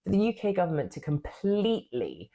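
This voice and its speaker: Low, lively-voiced impassioned woman. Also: a little fast. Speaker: politician. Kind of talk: speech.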